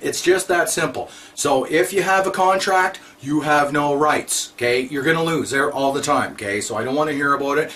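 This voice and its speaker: A man's voice: a little high, moderate pace, few pauses, a bit bright. A man giving a blunt, repetitive, scolding monologue to his viewers. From Canada. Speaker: vlogger. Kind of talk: ranting monologue to camera.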